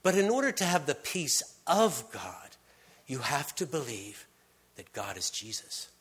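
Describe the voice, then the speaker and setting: Husky-voiced man preaching casually. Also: mid-range voice, big pitch swings, unhurried. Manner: casual, storytelling delivery with frequent restarts and dropped-to-hushed emphasis. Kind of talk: conversational sermon.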